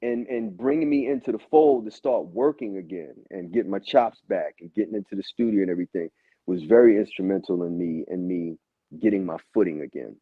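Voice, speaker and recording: Laid-back male guest, gravelly voice, dull lo-fi sound. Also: on the low side, fairly quick, no echo. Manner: laid-back, swears, quotes people in lively voices. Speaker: guest musician. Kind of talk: casual storytelling interview. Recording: dull lo-fi audio.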